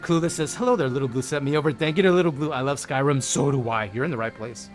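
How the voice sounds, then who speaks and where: A man's voice: medium pitch, fast, soft background music. A man livestreaming a game, chatting playfully with his viewers and greeting them by name. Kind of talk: casual gameplay chat with viewers.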